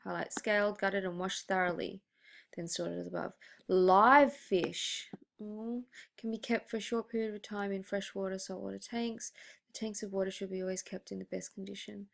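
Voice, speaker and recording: A woman's voice: medium pitch, steady tone, moderate pace, gravelly. A young woman teaching a hospitality lesson, reading from slides in a chatty way with many ums, restarts and asides.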